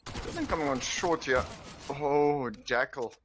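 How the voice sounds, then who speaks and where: Jokey South African man calling play-by-play. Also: mid-range voice. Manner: quick play-by-play calls, jokey. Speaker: esports caster. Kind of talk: live game commentary. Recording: faint background noise and clicks.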